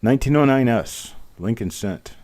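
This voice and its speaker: A man's voice: mid-range voice, lively intonation, moderate pace, darkish tone. A man hosting a live online coin auction, calling bids in a rhythmic patter and joking about himself between lots. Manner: chatty, self-deprecating, rhythmic bid calling. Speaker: auctioneer host.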